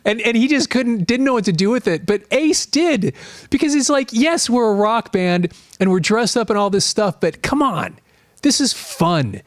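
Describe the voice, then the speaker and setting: A man in his late fifties hosting a live stream, chatting casually in a rambling, animated way while reading out viewer comments. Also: high-pitched, normal speed, dry recording, clean studio sound. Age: 50s.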